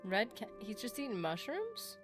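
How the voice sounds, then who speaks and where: A woman with a slightly high voice and huge pitch swings streams a game at normal speed, game music behind her. She gives casual gameplay commentary, chatting, giggling, and talking to chat as she plays.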